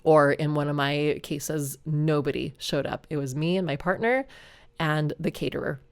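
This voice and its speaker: A woman hosting a podcast, telling a personal story in an earnest, reflective way that turns animated at times. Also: low-pitched, moderate pace, clean tone. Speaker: podcast host.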